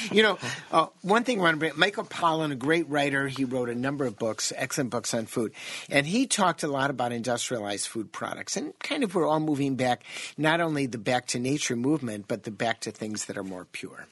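A man's voice: medium pitch, brisk, breathy edge. An American man talking casually on a radio show as a nutrition guest, chatty and jokey. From United States. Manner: chatty, jokey, animated storyteller.

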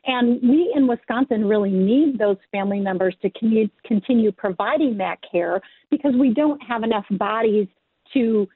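A woman's voice: medium pitch, husky, dry recording. A woman speaking as an interview guest on a task force, earnest and thinking aloud with fillers. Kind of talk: interview answers. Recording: dry tinny phone line.

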